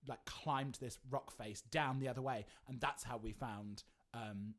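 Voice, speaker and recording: An English woman co-hosting a podcast tells an animated story in casual chat, swearing freely and saying "like" a lot. Her voice is bass and a little slow.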